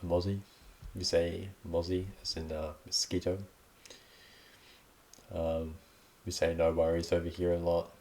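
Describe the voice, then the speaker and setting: A man's voice: low voice, little pitch movement, unhurried, a little mellow. A young Australian man hosting a casual solo podcast, rambling in a laid-back way with lots of ums. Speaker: podcast host.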